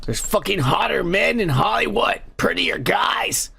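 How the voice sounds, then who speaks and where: A man's voice: high voice, animated, unhurried, vocal fry, sharp tone, slight background noise. A man hosting a comedy podcast, ranting crudely about the news and raising toasts while drinking. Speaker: podcast host. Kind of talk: profane comedic news rant.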